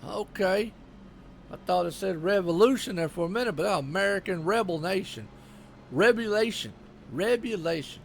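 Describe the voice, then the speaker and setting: A man's voice: sits high, normal speed, creaky, slight background noise. A man with a Southern US accent giving casual, rambling live commentary on a sim race and chatting with viewers.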